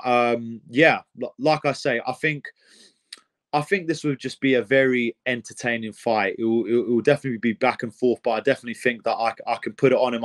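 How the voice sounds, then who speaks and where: A young professional fighter with a medium-pitched voice answers interview questions. He rambles excitably, with lots of fillers and restarts.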